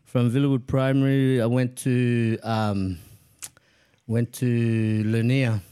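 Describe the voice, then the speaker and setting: A man's voice: medium pitch, flat delivery, slow, dark tone, clear, resonant tone. A man from El Salvador, a guest telling rambling childhood stories in casual chat and swearing freely.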